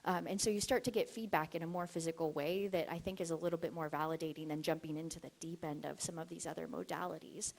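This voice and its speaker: A woman giving a casual storytelling talk to an audience at an expo. She is chatty and giggly, fills her speech with "like", and acts out the conversations she describes. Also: lowish voice. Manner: animated, acts out quoted exchanges. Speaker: expo speaker on spiritual dowsing.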